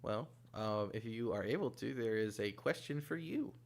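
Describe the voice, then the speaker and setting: A man's voice: mid-range voice, lively intonation, normal speed, creaky. A man hosting a stream, reading out viewer questions in an easygoing way with filler words. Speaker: stream host.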